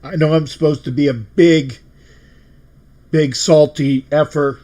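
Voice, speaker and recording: Slow-talking, emotional excited male host. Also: a little high. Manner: emotional, exuberant, repeats himself. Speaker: show host. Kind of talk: excited fan livestream.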